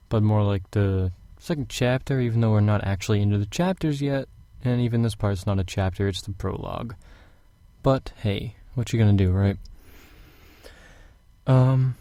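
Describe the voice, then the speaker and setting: A man's voice: fairly low pitch, dry recording. A young man recording a home audiobook of a fantasy novel, chatting casually before reading steadily. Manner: casual rambling intro, then steady reading. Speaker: audiobook reader. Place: hot room at home.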